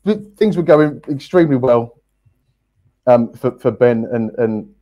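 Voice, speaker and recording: A man, a podcast guest, telling his story in a casual, halting way with many restarts and fillers. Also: medium pitch, lively intonation, dark tone, poor audio. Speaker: guest, company co-founder.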